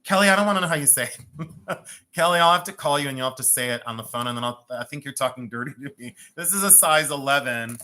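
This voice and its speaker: A bright, forceful voice of a host selling rings on a live stream from home. The talk is loose and joking, with frequent laughter between prices and stone names. Pitch sits in the middle of the range. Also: fast. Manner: chatty, joking, laughs often. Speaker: host of a live jewelry sale.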